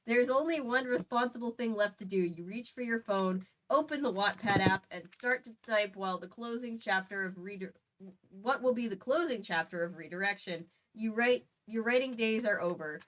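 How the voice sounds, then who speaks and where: A woman host reads a book aloud, breaking off for playful, chatty comedic asides. Her delivery is relaxed and conversational. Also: medium pitch, moderate pace.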